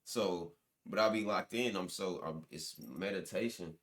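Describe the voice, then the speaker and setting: Young male interview guest, very deep voice, casual slangy storyteller. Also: unhurried, a bit bright. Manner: loose, slangy storytelling with many restarts. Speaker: guest musician.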